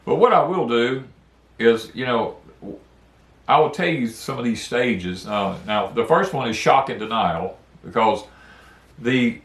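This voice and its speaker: A man's voice: medium pitch, unhurried, roomy sound. A middle-aged man talking earnestly about grief, rambling and repeating words in a folksy way. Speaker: homestead channel host. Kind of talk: casual heartfelt talk on grief. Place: porch outdoors.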